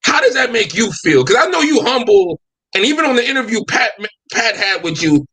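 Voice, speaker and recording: Animated, husky-voiced host. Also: male voice, very high voice, fairly quick. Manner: rambling, hesitant questions full of fillers. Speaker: interview host. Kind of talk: casual interview chat.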